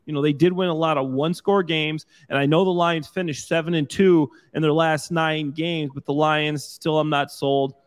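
Enthusiastic former player making picks. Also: male voice, fairly high pitch, steady tone, moderate pace, few pauses. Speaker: former football player, panelist. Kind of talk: casual sports talk.

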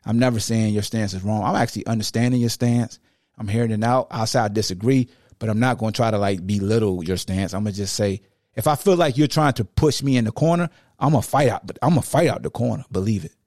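A man's voice: lowish voice, quick pace, dry recording, studio quality. Laid-back slangy young man hosting. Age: young adult. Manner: relaxed, slangy, conversational. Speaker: sports podcast host. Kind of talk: casual podcast talk.

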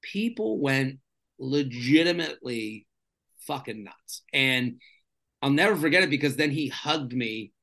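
A man's voice: mid-range voice, unhurried, vocal fry. A man, a stand-up comedian guest, telling stories in a casual, rambling chat full of fillers. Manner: rambling, filler-heavy, animated storyteller.

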